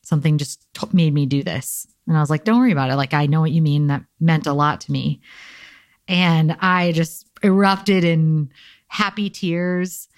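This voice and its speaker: A woman's voice: sits low, steady tone, unhurried, dry recording, clean studio sound. A young adult woman hosting a casual spiritual self-help talk, candid and conversational with frequent likes and ums. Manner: candid, conversational, uses filler "like" and "um".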